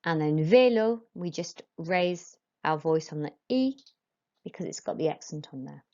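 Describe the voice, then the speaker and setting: A woman teaching a school French lesson, modelling each phrase slowly and carefully for pupils to repeat. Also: deep voice, fairly even intonation, a little mellow, dull audio. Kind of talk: recorded classroom lesson.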